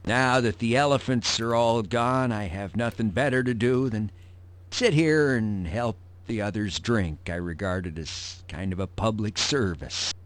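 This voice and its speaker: A man doing a deadpan, sarcastic tavern regular. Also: lowish voice, unhurried, no echo, natural voice. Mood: sardonic. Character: sardonic middle-aged male tavern regular. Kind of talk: video game voice acting.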